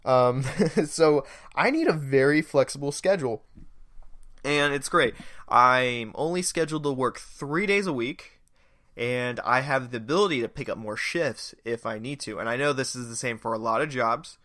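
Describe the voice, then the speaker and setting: Bright-voiced young guy rambling on a podcast. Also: medium pitch, moderate pace, no echo. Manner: rambling, self-deprecating, joking. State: stuffy nose. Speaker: podcast host. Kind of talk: casual solo podcast monologue.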